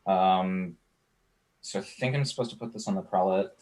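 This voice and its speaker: A man with a low voice plays a tabletop card game. He thinks out loud, pausing and hesitating as he works through each move. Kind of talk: casual tabletop play talk.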